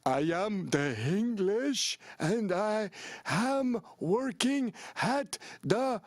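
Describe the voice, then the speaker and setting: A man voicing a French-speaking man who shows off slow, broken English in a French accent. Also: sits high, lively intonation, no echo, pitched above the performer's own voice, heavily acted. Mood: mocking.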